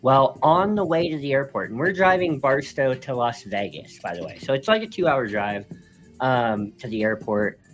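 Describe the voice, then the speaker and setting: A man's voice: medium pitch, lively intonation, normal speed, fairly bright tone, soft background music. A man co-hosting a live stream, telling a story casually and animatedly, laughing between phrases and leaning on fillers. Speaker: co-host.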